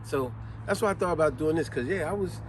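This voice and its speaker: A man's voice: fairly high pitch, fast talker, noisy background. A man hosting a vlog, explaining things casually and telling stories with acted-out quotes and sneezes. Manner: animated storyteller who acts out quotes and sneezes. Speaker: vlog host.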